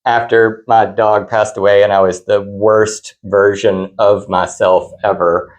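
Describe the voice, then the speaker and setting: A man with a low-pitched voice co-hosting a casual podcast. He speaks earnestly and from the heart, in long reflective stretches. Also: little pitch movement, a little slow, rough recording. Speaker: podcast co-host. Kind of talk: casual chat.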